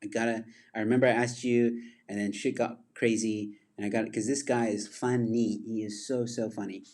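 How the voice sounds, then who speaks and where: A man's voice: lowish voice, flat delivery, normal speed, a little mellow. A man hosting a casual livestream chat, rambling from topic to topic and laughing often at his own jokes. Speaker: livestream host.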